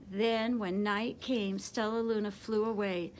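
A woman teacher reading a picture book aloud to children, expressive and animated. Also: mid-range voice, a little slow, a little hiss or hum.

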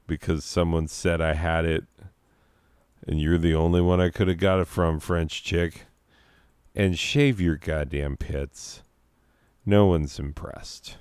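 A high man rambling crudely and joking as he hosts his own gameplay commentary. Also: steady tone, slow pace, darkish tone, clear, resonant tone, dry recording, clean studio sound. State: high on drugs. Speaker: let's play host. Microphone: own desk microphone.

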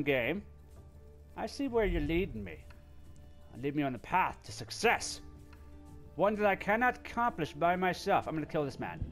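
A man playing through a stealth game and chatting to it as he goes, playful and quick to squeal or laugh. His pitch sits a bit high and swings widely between bright yelps and low mutters. Faint music plays under his voice. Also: big pitch swings. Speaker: gameplay video host. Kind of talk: let's play commentary.

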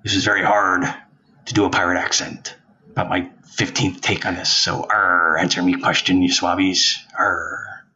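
A man's voice: deep voice, level tone, normal speed, sharp tone. A man voicing a blustery pirate captain, growling his words with lots of arrs, on a dull home recording. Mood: gruff. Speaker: listener asking a question.

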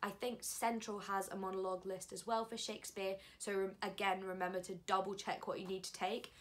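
A young woman talks to her viewers in a relaxed vlog style. She sounds chatty and enthusiastic, and her voice sits at an ordinary middle pitch for a woman. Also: a little fast. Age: young adult. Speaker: vlogger, drama school applicant. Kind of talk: casual advice chat.

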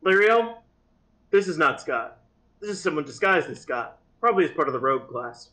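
A man serving as game master, setting scenes in an unhurried, easygoing way during a tabletop game. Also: fairly high pitch, big pitch swings, pushed and bright, poor audio.

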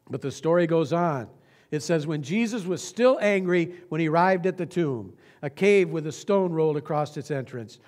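Male pastor, higher register, earnest storytelling sermon in a church sanctuary. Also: expressive, darkish tone. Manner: earnest storytelling preacher, slows for emphasis.

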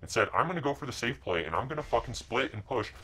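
A young man streaming a game, cursing and yelling orders at his teammates, then muttering asides to his viewers. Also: mid-range voice, big pitch swings, quick pace. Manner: profane, shouting orders at teammates. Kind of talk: live gameplay commentary.

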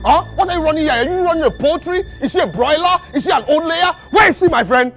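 A furious young fiancé, high-voiced, who spits out repeated words. His pitch jumps all over as he mocks. Faint music plays under him. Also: lively intonation, quick pace, a bit bright. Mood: exasperated. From Nigeria. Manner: repeats words, exasperated and mocking. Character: angry young man hunting for his pregnant fiancée. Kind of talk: Nollywood film acting.

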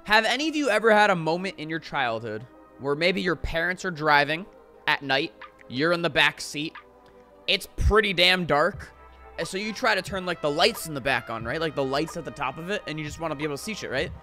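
Bright-voiced young man chatting on stream. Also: on the high side, a little fast, soft background music. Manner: rambling and animated, lots of "like" and swearing. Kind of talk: casual live-stream chat.

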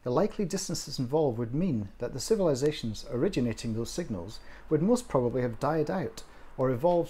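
A man reading his own short story aloud in an expressive, measured way. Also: medium pitch, breathy edge. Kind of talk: scripted story narration.

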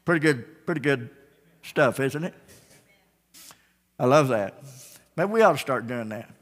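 A male pastor preaching an altar call, swinging between loud calls and soft pleading. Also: medium pitch, expressive, a little slow. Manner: calls out names loudly, then drops to soft pleading. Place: large church sanctuary. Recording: church broadcast with long reverb.

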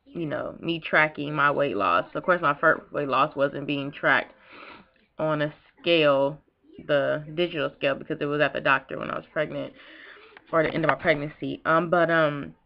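A woman's voice: low voice, moderate pace. Emotional young woman vlogging. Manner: emotional, rambling, with restarts. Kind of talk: casual vlog talk. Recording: dull lo-fi home video.

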